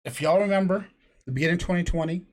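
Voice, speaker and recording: A man's voice: high-pitched, very fast. Rambling, profane middle-aged male host. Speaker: podcast host. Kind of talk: casual podcast chat. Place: home room apart from co-host.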